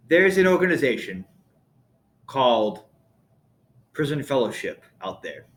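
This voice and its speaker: A man's voice: mid-range voice, a bit bright, a little hiss or hum. A man hosting his own podcast in a studio, talking in a loose, rambling monologue and correcting himself often. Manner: rambling, self-correcting, chatty. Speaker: podcast host. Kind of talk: casual monologue. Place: recording studio with a producer.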